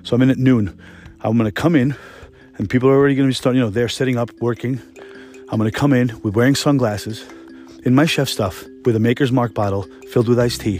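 A man's voice: mid-range voice, a little mellow. A young man hosting a podcast, telling work stories in a rambling, profane, laid-back way. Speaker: podcast host, restaurant cook. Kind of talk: casual solo storytelling.

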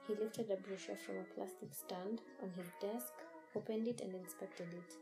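A woman hosting and reading a scripted horror story in a measured, deliberate storytelling way. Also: mid-range voice, steady tone, vocal fry, low-quality recording. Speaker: story narrator and host. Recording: music playing underneath.

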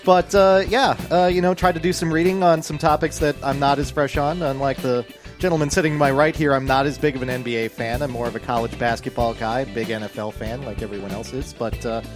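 A man talking as a game show panelist, relaxed and rambling with plenty of fillers. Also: mid-range voice, brisk, music in the background. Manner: relaxed, rambling, self-deprecating. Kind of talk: casual podcast chat.

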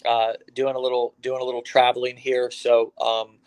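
Hosting an online interview over the phone, an American man speaks smoothly at a moderate pace with a medium-pitched voice. He's chatty and energetic with a hype-filled opening, plenty of fillers and frequent restarts.

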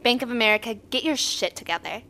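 A woman's voice: fairly high pitch, fast, sharp tone. A woman co-hosting a podcast, chatting in a giggly, playful way. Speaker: podcast co-host. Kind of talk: casual podcast chat.

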